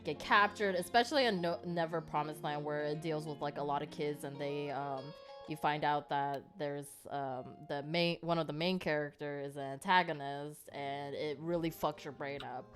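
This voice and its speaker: Rambling woman podcaster, low voice. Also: steady tone, moderate pace, a bit bright, faint music behind. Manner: rambling with many fillers and laughs. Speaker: podcast co-host. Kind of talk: casual chat.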